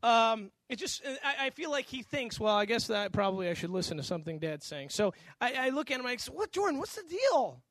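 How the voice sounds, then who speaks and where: A man with a notably high voice preaches, spinning a personal story with animated acted-out lines. The sound is dry and close, with no room echo. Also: fairly quick, few pauses. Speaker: pastor.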